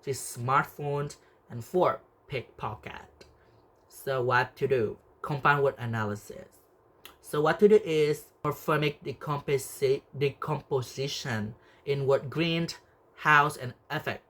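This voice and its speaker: A young man speaks very slowly as he works through a class project presentation. He halts often and restarts words partway through. His pitch sits in a mid range for a man. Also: bright, forceful tone. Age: young adult. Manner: halting, restarts words, slow and deliberate. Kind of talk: reading out a recorded class presentation.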